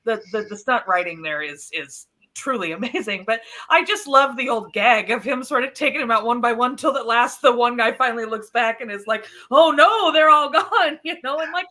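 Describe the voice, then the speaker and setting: Female podcast guest, crisp bright voice, animated and chatty. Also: on the high side. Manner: animated, laughing, quick asides. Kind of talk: casual film discussion.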